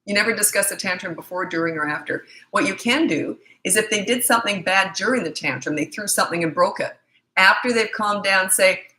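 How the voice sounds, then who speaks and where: A woman's voice: medium pitch, fairly quick, sharp tone. Blunt, confident woman parenting coach. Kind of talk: live Q&A answering viewer questions. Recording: echoey room.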